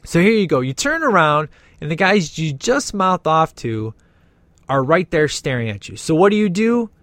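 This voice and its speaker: A man's voice: on the high side, sing-song, normal speed, a bit bright, no room sound. Man, chatty film commentator; jokey and upbeat, dry close sound. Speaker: movie commentator. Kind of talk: casual movie commentary.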